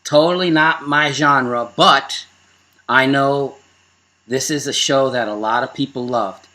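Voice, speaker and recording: A man with a Brooklyn accent, co-hosting a casual chat and telling animated stories with frequent laughter. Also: mid-range voice, slow pace. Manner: animated storyteller, laughs often. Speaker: co-host.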